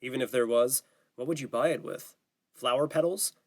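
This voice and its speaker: Male narrator doing a cocky, teasing teen boy, sneering, pitched up a bit. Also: normal speed, lightly acted. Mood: mocking. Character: teenage boy camper, mocking and cocky.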